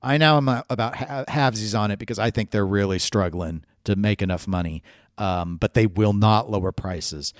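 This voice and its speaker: A man's voice: on the low side, moderate pace, no echo, clean studio sound. A man co-hosting a casual podcast chat, opinionated and analytical, thinking aloud with restarts. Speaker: podcast co-host.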